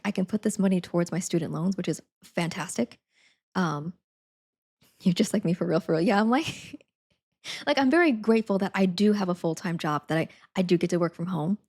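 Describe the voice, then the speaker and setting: A woman's voice: medium pitch, a little mellow. A young adult woman chatting casually on a live stream, laughing often, saying "like" a lot and thanking viewers again and again.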